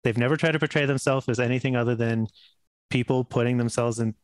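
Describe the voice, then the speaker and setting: A man who is a cast member on a gaming stream, speaking earnestly in casual chat, halting and restarting often. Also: medium pitch, fairly even intonation.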